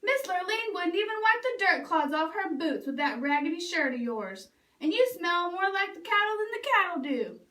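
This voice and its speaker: A woman's voice: high voice, a little slow, hardly any pauses, bright, forceful tone, reverberant, distant mic. A woman voicing a mean, lazy young cowboy stepbrother in a storybook, with a mocking manner. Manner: mocking, sneering.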